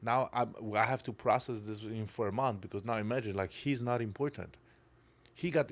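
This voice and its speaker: A man's voice: lowish voice, normal speed. A middle-aged man with a Polish accent who speaks Polish as his first language, telling stories as a podcast guest in blunt, emotional, broken English with some swearing. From Poland. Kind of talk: casual chat.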